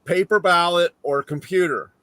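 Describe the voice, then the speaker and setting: A man's voice: high-pitched, normal speed, fairly bright tone, no room sound. A man hosting a casual chat, telling a long anecdote full of "you know" fillers. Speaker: host.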